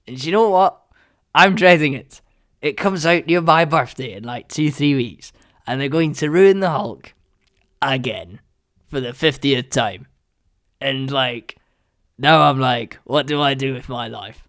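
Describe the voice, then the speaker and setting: A man's voice: medium pitch, measured pace, long pauses, fairly bright tone, dry recording, studio quality. A young man hosting a solo podcast, ranting in an exasperated, sarcastic way. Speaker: podcast host.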